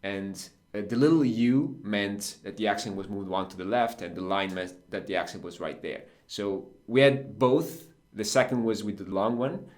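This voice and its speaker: Podcast teacher, Italian man with an Italian accent, lowish voice, patient explainer. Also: normal speed, few pauses, a little mellow. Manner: explanatory, with fillers and restarts. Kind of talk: casual language podcast lesson.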